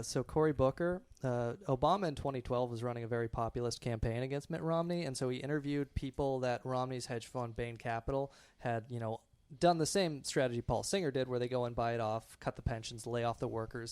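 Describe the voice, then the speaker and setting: A man's voice: medium pitch, a little mellow, clean tone, no room sound. A man co-hosting a podcast, ranting sarcastically with many fillers. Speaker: podcast co-host. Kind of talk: casual chat.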